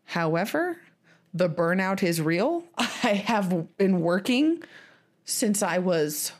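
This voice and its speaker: A young adult woman co-hosting a book podcast in casual chat, chatty and quick to laugh. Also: medium pitch, big pitch swings. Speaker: podcast co-host.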